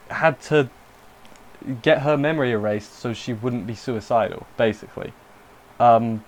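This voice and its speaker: A young man talks through an anime episode in a loose, rambling way. His voice sits at an ordinary middle pitch, and he keeps cutting himself off to add emotional asides. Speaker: anime reviewer. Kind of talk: casual spoken review.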